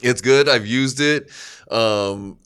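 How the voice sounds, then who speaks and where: Casting: male podcast co-host, bright and crisp tone, profane and giggly, loose rambling delivery. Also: mid-range voice, slow. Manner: laughs often, profane, rambling with fillers. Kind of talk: crude comedic banter.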